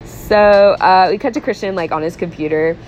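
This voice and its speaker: A woman's voice: fairly low pitch, normal speed, darkish tone, slight background noise, rough recording. A young woman co-hosting a podcast, casually recapping a film in a chatty style, full of fillers, frequent laughs and swearing. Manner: chatty, peppered with "like", laughs often; swears freely. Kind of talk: casual chat.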